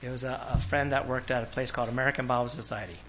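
A man from California, a pastor, preaching a sermon and telling personal stories in an animated way, often laughing. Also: mid-range voice, very fast, slight background noise, low-quality recording. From Orange County, California.

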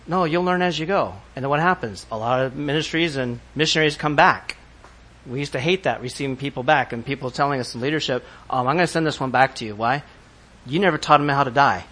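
Male pastor, sermon, emphatic, rhetorical questions, bright tense tone, slightly high voice. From not from the country where he preaches.

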